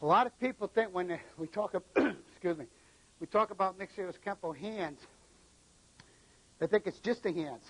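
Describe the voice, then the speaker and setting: Martial arts teacher guy from new england, fairly high voice, counts off the moves as he demos. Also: moderate pace, pauses often, a bit bright, rough recording. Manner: coaching, counting out moves, short commands. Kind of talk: live martial arts demonstration.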